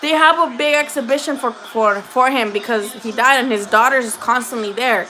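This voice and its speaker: High, bright-voiced woman bantering bluntly. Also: normal speed. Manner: blunt, profane and joking, talks back to chat. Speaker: host of a boxing livestream. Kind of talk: casual livestream chat.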